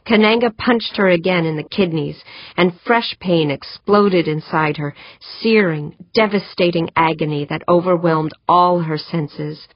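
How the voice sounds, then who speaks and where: A woman narrating an audiobook in a slow, deliberate way. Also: fairly low pitch, no room sound. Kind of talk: scripted narration. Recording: dry, slightly dull lo-fi sound.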